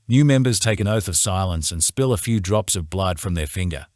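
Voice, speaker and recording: A man's voice: deep voice, expressive, fairly quick, a little mellow, dry recording. A man reading a laid-back young man of few words who speaks with a dry drawl.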